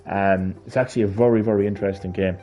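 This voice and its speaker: A man's voice: lowish voice, fairly even intonation, fast talker, highs cut off. A man streaming a video game, chatting casually, ranting and swearing in a mock-outraged way. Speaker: gaming streamer. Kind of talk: casual live-stream chat. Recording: game music faint behind.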